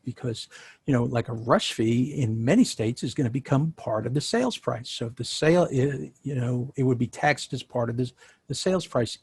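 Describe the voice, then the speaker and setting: A man with a New York accent talks through his answers in a relaxed, conversational way, full of fillers and restarts. His mid-pitched voice has a slightly husky edge. The sound is dry and close, with no room around it. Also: no echo. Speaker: sales tax consultant. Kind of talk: interview answers.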